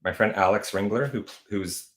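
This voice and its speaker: A man chatting on a livestream from home, his lowish voice carrying a bright, forward edge. He rambles through anecdotes, restarting sentences and leaning on fillers. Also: normal speed. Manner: chatty rambling storyteller, frequent fillers and self-corrections. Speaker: livestream host. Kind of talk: casual livestream chat.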